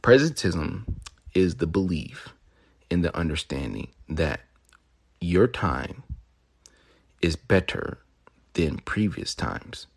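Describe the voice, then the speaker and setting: A man's voice: deep voice, animated, slow pace, creaky, long pauses, slightly rough. A young man hosting a podcast, talking in a rambling, swaggering, profane monologue, with crude jokes and mock-lecture asides. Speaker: podcast host.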